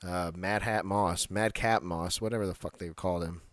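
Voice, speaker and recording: A low-voiced man co-hosting a podcast, chatting casually and bluntly with plenty of swearing. The recording is dry and close, with no room echo. He laughs often as he talks. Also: fairly even intonation, moderate pace, fairly bright tone. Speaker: podcast co-host. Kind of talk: casual wrestling podcast chat.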